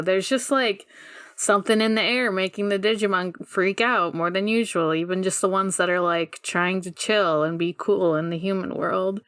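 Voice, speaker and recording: A woman co-hosting a laid-back podcast, her voice jumping around in pitch as she laughs her way through retelling scenes. The sound is close and dry. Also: moderate pace, clear, resonant tone, no room sound. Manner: laughs often, animated retelling with swearing. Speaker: podcast co-host. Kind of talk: casual chat.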